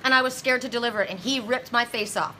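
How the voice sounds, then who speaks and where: A woman's voice: on the high side, fast, pushed and bright, slight background noise. A woman psychic medium talking to her viewers in an intense, rambling monologue, with many restarts and dramatic retelling. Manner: dramatic retelling with voiced quotes.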